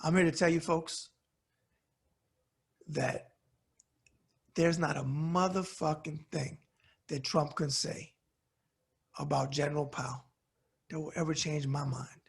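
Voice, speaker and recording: A middle-aged man with a New York accent rants at the camera, blunt and heated and swearing freely. His voice is gravelly and husky, sitting a little high for a man. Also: fairly even intonation, takes it slowly, long pauses. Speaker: commentary show host. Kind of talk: angry profane rant to camera.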